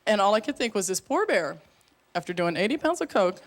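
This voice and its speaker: A woman's voice: mid-range voice, sing-song, a little fast. A woman from Georgia performing a stand-up routine, telling stories in a chatty, wry way. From Georgia, USA. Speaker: stand-up comedian.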